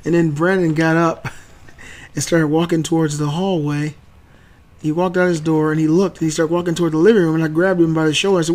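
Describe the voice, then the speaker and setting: Animated man telling a story. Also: on the high side, quick pace. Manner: animated, loudly acting out quoted lines. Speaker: channel host and father. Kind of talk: casual storytelling.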